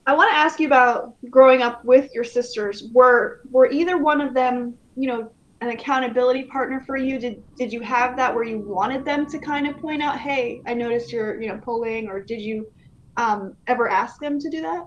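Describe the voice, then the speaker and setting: A woman hosting an interview podcast, asking questions and encouraging her guest warmly and effusively. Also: fairly high pitch, normal speed, dull audio. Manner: warm, encouraging, gushing. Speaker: podcast host.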